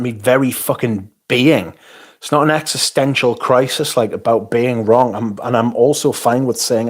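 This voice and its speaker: A man's voice: mid-range voice, a little mellow. A middle-aged man, hosting a livestream in a loose, rambling, swear-heavy chat and reading out viewer comments. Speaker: livestream host.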